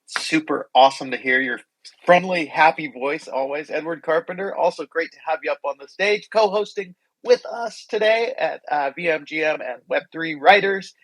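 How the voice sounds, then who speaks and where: A man's voice: a little high, normal speed, fairly bright tone, no room sound, low-quality recording. Upbeat male host, dry close mic. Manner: upbeat, welcoming, chatty. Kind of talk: live audio chat room.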